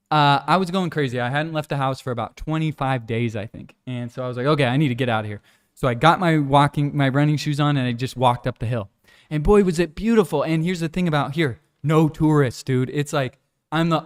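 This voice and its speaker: Laid-back rambling young man. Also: smooth. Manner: laid-back, rambling, mimics animals and people in high squeals. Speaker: vlogger. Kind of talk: casual vlog chat. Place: outdoors on a hillside village walk.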